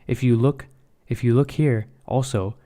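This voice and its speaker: A man's voice: mid-range voice, fairly even intonation, unhurried, warm tone. A young man talking casually on a live stream about his crypto trades, blunt and swearing often, repeating himself.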